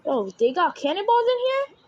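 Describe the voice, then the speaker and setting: A young woman recording herself playing a game, talking to viewers and shouting and screaming as she plays. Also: extremely high pitch, very animated, moderate pace, highs cut off. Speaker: gaming video creator. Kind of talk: live gameplay commentary. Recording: faint background noise.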